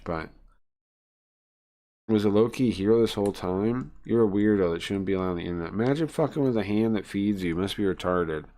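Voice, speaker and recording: A male live streamer giving blunt, crude, rambling reaction commentary full of fillers. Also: on the low side.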